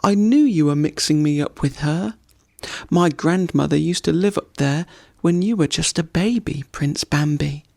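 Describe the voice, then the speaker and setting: A man voicing a fussy, bustling male squirrel in a storybook, chattering and quick to scold. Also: on the high side, vocal fry, a little mellow, dry recording, clean studio sound. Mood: friendly.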